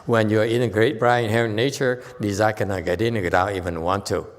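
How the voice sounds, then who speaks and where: A man giving an unhurried dharma lecture as a Buddhist teacher, often pausing to check in with his listeners. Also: lowish voice, fairly even intonation, background noise. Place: temple hall. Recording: long hall reverb.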